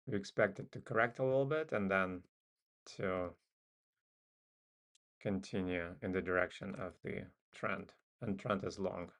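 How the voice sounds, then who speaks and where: Slow, gravelly man with a non-native accent. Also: deep voice, fairly bright tone. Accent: non-native English accent. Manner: musing, thinks aloud with frequent ums. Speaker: trading stream host. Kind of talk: casual live market commentary.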